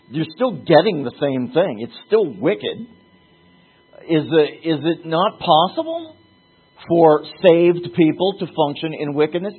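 Husky preacher over lo-fi audio. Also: male voice. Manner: conversational, rises in pitch and volume when stressing points. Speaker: Bible teacher. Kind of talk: sermon. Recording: phone-like lo-fi audio.

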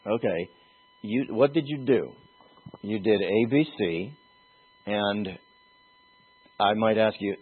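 Male pastor delivering a sermon; slow, husky, lowish voice, tinny phone-like recording. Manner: earnest, emphatic preaching with pauses and restarts.

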